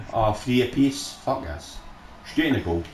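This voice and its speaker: A man swearing and shouting at opponents while playing a game with a friend. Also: medium pitch, very animated, slow pace. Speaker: gamer recording his play. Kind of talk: casual gaming chat with a friend. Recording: roomy sound with faint noise.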